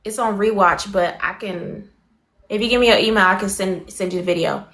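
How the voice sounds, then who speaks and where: A woman hosting a livestream, giving her viewers a rapid, animated gossip recap and greeting them between sentences. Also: medium pitch, reverberant. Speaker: livestream host.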